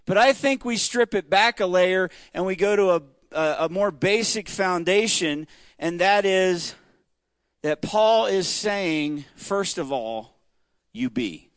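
Slow, high-voiced man teaching a Bible study. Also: no room sound. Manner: asks the room questions, conversational and emphatic. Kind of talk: interactive church teaching.

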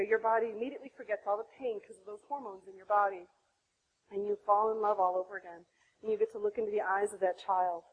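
Breathy high-voiced woman telling a story. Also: phone-quality sound. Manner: animated, acts out her own past voice with big pitch jumps. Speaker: mother sharing her birth story. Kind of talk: impassioned personal testimony.

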